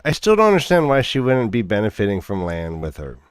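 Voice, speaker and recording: A man's voice: lowish voice, huge pitch swings, quick pace, clean tone, no room sound, clean studio sound. A man co-hosting a casual group reaction podcast, joking and steering the talk to new topics. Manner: jokey, leads topics, acts out scenes in quoted voices. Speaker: podcast co-host.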